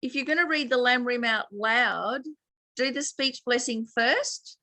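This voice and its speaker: A woman's voice: fairly high pitch, measured pace, pushed and bright, no room sound. An Australian woman teaching a chatty online meditation class, laughing often as she explains.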